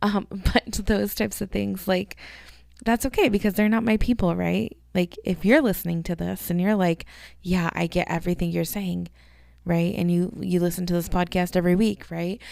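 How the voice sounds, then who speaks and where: A woman's voice: fairly low pitch, fairly even intonation, moderate pace, creaky, a little mellow, no room sound, clean studio sound. A woman in her thirties hosting a casual solo podcast, rambling and chatty, swearing freely. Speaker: podcast host.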